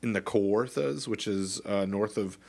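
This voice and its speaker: A man's voice: fairly low pitch, moderate pace, gravelly, a little mellow. Canadian man rambling on a podcast. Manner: rambling, many restarts and fillers. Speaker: podcast co-host. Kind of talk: casual chat.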